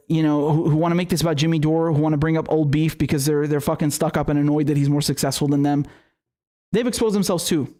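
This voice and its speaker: Man ranting profanely, slightly high voice. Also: a little mellow. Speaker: host of a political commentary show. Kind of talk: live-streamed political commentary.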